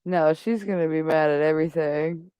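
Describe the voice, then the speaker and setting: A woman's voice: sits low, fairly even intonation, normal speed, mellow, clean tone, no echo. A woman hosting a casual live chat, giggly and teasing. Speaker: live stream host.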